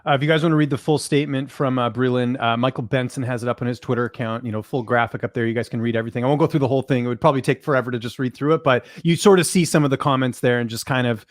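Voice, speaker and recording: A man hosting a casual combat-sports podcast, chatty and quick, often restarting his sentences. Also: mid-range voice, fairly even intonation, no echo, clean studio sound. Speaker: podcast host.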